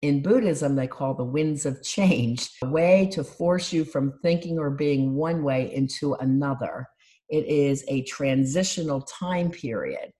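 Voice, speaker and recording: A woman life coach giving a calm, instructive talk on gratitude and mindfulness, listing things one by one. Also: deep voice, unhurried. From United States.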